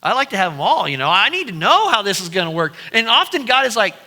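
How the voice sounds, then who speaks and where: A man preaching a sermon, telling a Bible story with animated, casual acted-out dialogue. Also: high voice, fast, in a large hall. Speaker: pastor. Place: church sanctuary.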